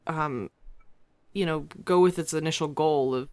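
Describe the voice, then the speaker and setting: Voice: mid-range voice, unhurried, darkish tone. Player thinking a plan through aloud. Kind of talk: casual tabletop play.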